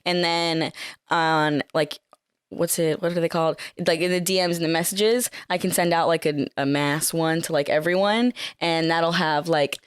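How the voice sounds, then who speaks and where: A woman's voice: deep voice, fairly even intonation, moderate pace, clear, resonant tone, no room sound, studio quality. A young woman co-hosting a podcast, chatting candidly and filling her talk with "like". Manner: candid, frequent "like" fillers. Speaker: podcast co-host. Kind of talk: casual chat.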